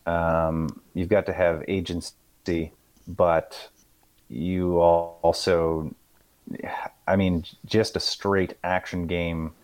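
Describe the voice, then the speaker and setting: A man co-hosting a casual podcast chat, thinking aloud with many pauses. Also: sits low, flat delivery, a little mellow, no room sound. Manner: hesitant, halting with fillers. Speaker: podcast co-host.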